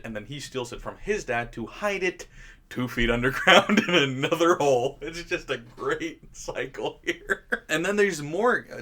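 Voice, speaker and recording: A man's voice: mid-range voice, bright, forceful tone. A man hosting his own channel, giving a casual, sarcastic film review rant and chuckling often as he mocks scenes.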